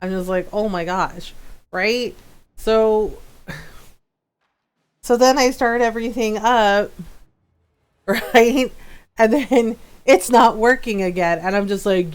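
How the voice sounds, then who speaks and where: A woman streamer chatting casually while gaming, telling a story with lively quoted outbursts and frequent laughter. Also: medium pitch, measured pace, pauses often, clear, resonant tone.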